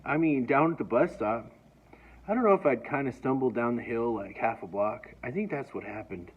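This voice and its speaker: A man's voice: medium pitch, lively intonation, moderate pace, slightly rough. A man telling a personal story in a casual, rambling way, often stammering and restarting. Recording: dull lo-fi recording.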